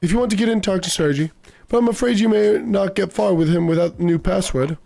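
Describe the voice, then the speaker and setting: A man's voice: high-pitched, fast, vocal fry, dark tone, pitched above the performer's own voice. A man voicing a pompous, posh male bookstore clerk who talks down to customers in a prim, condescending manner. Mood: haughty.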